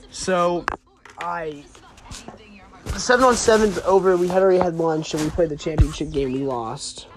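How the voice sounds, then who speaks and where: A man's voice: a little high, background noise. A young man telling a rambling, profane story in a casual way, with lots of fillers and trailing off. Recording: music playing behind.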